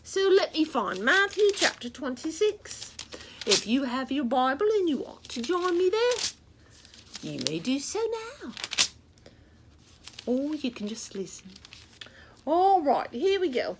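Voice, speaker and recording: A woman's voice: high voice, very animated, unhurried, long pauses, noisy background, full character voice. A woman voicing a chatty rooster puppet who reads Bible stories to children, with a sing-song, rhyming way of talking straight to the kids. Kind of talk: children's show reading.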